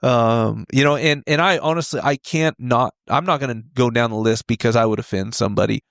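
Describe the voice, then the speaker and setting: A man in his forties, a podcast guest telling rodeo stories in a casual, animated way, laughing often and acting out the voices of the people in them. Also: mid-range voice, brisk, vocal fry, dry recording, clean studio sound. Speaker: podcast guest, retired steer wrestler. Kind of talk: casual storytelling.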